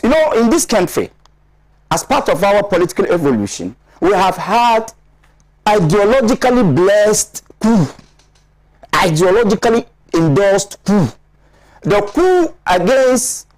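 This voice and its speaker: A man's voice: sits high, a little mellow, dry recording. A man from Ghana, a studio panelist, lecturing in an emphatic, explaining manner with many repetitions. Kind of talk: studio discussion analysis.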